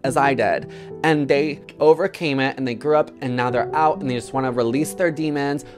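A woman's voice: rumbling low, moderate pace. Woman, from Wisconsin, casual, filler-heavy, emotional, fighting tears, faint music behind. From Wisconsin, United States. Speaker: interviewee, nightlife personality. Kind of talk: emotional personal storytelling.

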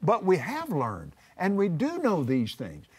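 An older man, teaching on a talk show, emphatic and animated, repeating words for force. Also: high voice, unhurried, a loud crowd. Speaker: preacher. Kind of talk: conversational teaching.

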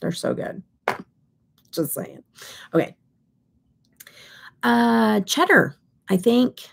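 This middle-aged Kansas woman hosts a casual makeup livestream, chatting and rambling while swatching and often slipping into whispers. Her voice sits a little high, expressive and gravelly, slightly rough, with drawn-out words.

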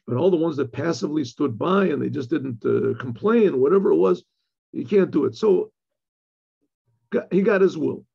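A rabbi in his own informal teaching voice, rather high-pitched for a man, yet gravelly and husky with a mellow, dark tone. He explains texts haltingly, restarting phrases and clearing his throat as he goes. The recording sounds dull and lo-fi. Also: expressive. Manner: halting, repeats words, often clears his throat, mixes in Hebrew terms. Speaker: rabbi teaching a Torah class. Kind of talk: informal Torah lecture.

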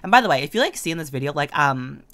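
A man's voice: fairly high pitch, big pitch swings, rapid-fire, pushed and bright. A teenage boy chatting in a sassy, gushing way, heavy on filler words, as a casual voice-over for his own video. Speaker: gaming video creator. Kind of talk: casual voice-over chat over gameplay. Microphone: desk condenser microphone.

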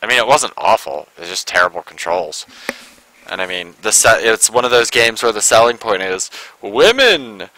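A man's voice: lowish voice, very animated, moderate pace, sharp tone, a little hiss or hum, poor audio. A man giving casual let's-play commentary, rambling and sarcastic, full of "like" and asides. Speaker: gameplay commentator.

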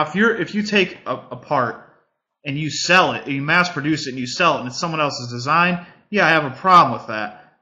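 A man makes his case in a casual panel chat, earnest and circling back on his own phrases. His voice is sharp and very bright. The sound is muffled and lo-fi. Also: medium pitch. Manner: earnest, repeats himself while arguing a point. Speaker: panel guest.

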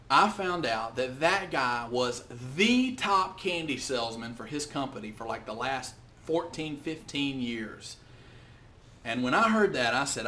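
A man's voice: mid-range voice, fairly bright tone. An outgoing man hosting a short business tip video, talking casually to the camera with many restarts. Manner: outgoing, chatty, with frequent restarts and quoted voices. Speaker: host of business tips videos.

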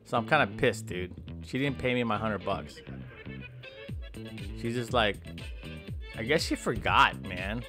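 A man's voice: lowish voice, animated, a little slow, long pauses, music in the background. A young man joking his way through gameplay commentary, rambling a silly story and yelping when things go wrong.

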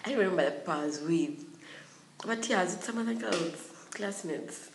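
A young woman tells a storytime tale with lively energy and frequent giggles. Her voice sits a little low, and the room adds a noticeable echo. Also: normal speed, slight background noise. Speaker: vlogger. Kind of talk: storytime vlog.

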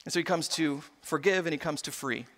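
Pastor guy preaching in a church, bright voice, acts out the people he quotes. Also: a little high, a little fast. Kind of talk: sermon. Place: church sanctuary. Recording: long hall reverb.

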